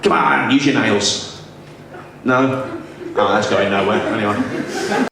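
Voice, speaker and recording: A young man in his twenties with a generic northern English accent doing a lively, self-deprecating stand-up set on a small club stage. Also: on the low side, takes it slowly, vocal fry, crowd noise. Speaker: stand-up comedian. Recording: far-off echoey club recording with audience. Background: audience laughter and room noise.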